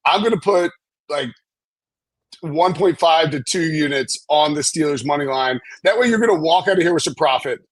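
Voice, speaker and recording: Rambling male betting analyst; husky, slightly high voice, dry close sound. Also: normal speed, dry recording. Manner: rambling, hesitant, lots of fillers and restarts. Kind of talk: casual live-stream betting chat.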